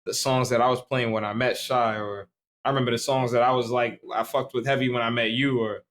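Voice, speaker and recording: A young man from Staten Island, New York, a bit tipsy, co-hosts a podcast full of loose, rambling chat, slang and swearing. His medium-pitched voice is brisk and fairly bright, though his delivery is flat.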